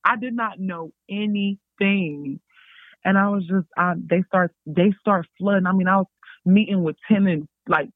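A young woman, a basketball player and podcast guest, telling stories in a chatty, animated way and calling her listeners y'all. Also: mid-range voice, unhurried, no echo. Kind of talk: casual storytelling. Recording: dry tinny phone-like sound.

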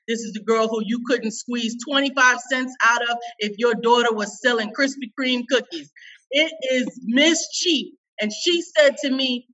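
A woman coach, a guest in an interview, telling a personal story in an emphatic, expressive way. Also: fairly high pitch, moderate pace, far from the mic, highs cut off.

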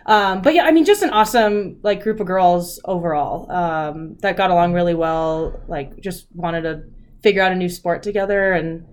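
A woman's voice: on the low side, moderate pace. A woman in her thirties from Colorado, a guest on a casual podcast, chatting freely with lots of fillers and easy laughter. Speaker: podcast guest, former rugby player. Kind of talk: casual conversational interview.

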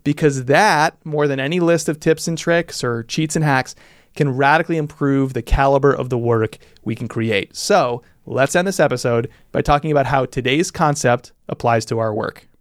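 A man hosting a podcast, talking in a casual, animated way with quick asides. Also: medium pitch, dry recording, studio quality. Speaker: podcast host.

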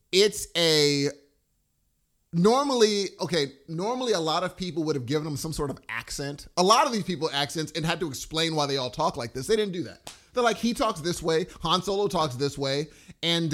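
A fairly high-voiced man talks about a movie in a loose, rambling way, his pitch leaping up and down as he gets excited. It is casual chat between friends, full of restarts and asides. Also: normal speed. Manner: animated, rambling and enthusiastic, with big pitch jumps.

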